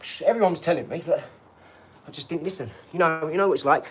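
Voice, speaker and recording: Talking fast in a slightly high voice, a man in his forties hosts a live stream, chatting and bragging in a wandering way, poking fun at himself before sliding into boxing advice.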